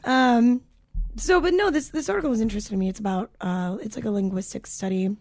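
A woman co-hosting a casual podcast rambles through a story and swears freely. Her voice is mellow and dark. The sound is dry and close. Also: on the high side, fast, no echo. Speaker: podcast co-host. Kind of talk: casual chat.

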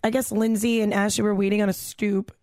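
A woman's voice: mid-range voice, little pitch movement, a little fast, darkish tone, no room sound, clean studio sound. A young adult woman hosting a podcast, telling a story in a casual, chatty way with lots of "like" and quoted voices. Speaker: podcast host.

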